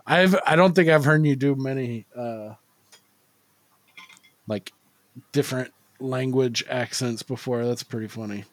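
A man's voice: mid-range voice, a little hiss or hum. A man co-hosting a movie podcast, talking in a rambling, profane, casual way with lots of fillers. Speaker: podcast co-host. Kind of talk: casual movie-review chat.

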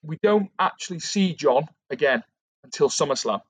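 A man on a podcast tells a long story in an easy, conversational way. He animates the quotes as he goes, and his voice sits slightly high for a man. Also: moderate pace, breathy edge, no echo. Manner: animated, acts out quotes while retelling. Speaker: podcast co-host. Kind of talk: casual storytelling about a fantasy wrestling storyline.

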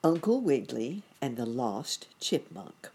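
A woman reading a children's bedtime story aloud in a gentle, expressive way. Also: very deep voice, a little slow, gravelly, breathy edge.

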